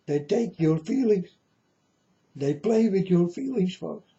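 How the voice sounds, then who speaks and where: A man's voice: high-pitched, expressive, slow, dark tone, lo-fi sound. Earnest man warning his folks. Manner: repetitive, earnest, addresses listeners as folks. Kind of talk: rambling spoken warning to viewers.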